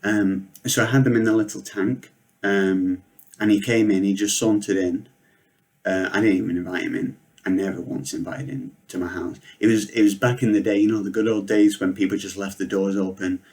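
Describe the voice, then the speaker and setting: Deadpan, sweary man. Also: on the low side, moderate pace. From Northwest England. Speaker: comedian. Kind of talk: comedic storytelling monologue.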